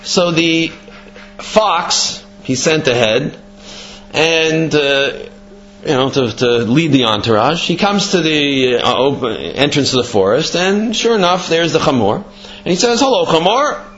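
A man giving a Torah class, explaining and telling a parable in an animated, conversational way. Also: on the high side, unhurried, dull audio, soft background music. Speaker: Torah teacher.

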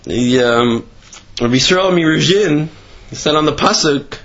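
A man giving a Torah class sermon with animated storytelling, rising in pitch for emphasis. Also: unhurried, lo-fi sound. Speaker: religious teacher.

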